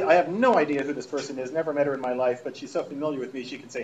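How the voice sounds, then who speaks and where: Sarcastic high-voiced man. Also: quick pace, a little hiss or hum, rough recording. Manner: sarcastic, mocking, breaks into laughter. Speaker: radio host. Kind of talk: comedic live show talk, reading emails aloud.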